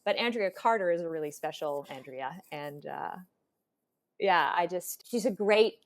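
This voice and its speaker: A woman's voice: fairly low pitch, expressive, measured pace. A woman speaking as a voice actor guest in an interview, reflective and given to laughing. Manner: warm, reflective, laughs often. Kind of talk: conversational interview.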